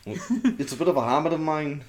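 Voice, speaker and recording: A man's voice: a little high, lively intonation, fairly quick, a little mellow. A man co-hosting a casual podcast, chiming in with dry one-liners and puns. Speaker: podcast co-host. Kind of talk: casual banter.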